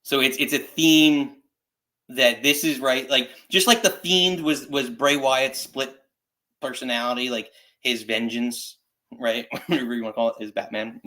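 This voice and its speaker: Bright-voiced man chatting about wrestling. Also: medium pitch, fairly even intonation, unhurried. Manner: enthusiastic, rambling with restarts. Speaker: podcast co-host. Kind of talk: casual wrestling chat.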